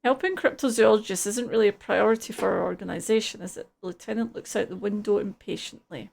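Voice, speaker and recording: A woman's voice: medium pitch, fast talker, gravelly, darkish tone. A woman streamer reading video game dialogue aloud, with dry, wry asides.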